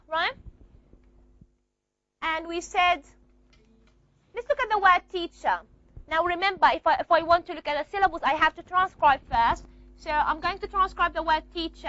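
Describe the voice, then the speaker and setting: A woman gives a classroom lecture in a very high, bright voice. She walks through each point patiently and keeps asking her students whether they follow. The recording is dry and a little dull. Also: no echo. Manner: explains step by step, asks the class frequent check questions. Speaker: phonetics lecturer.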